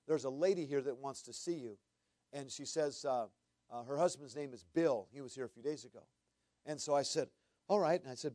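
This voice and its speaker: A man, a pastor, preaching a sermon and telling a story, earnest, often repeating his words, moving between loud and hushed. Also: mid-range voice, no echo.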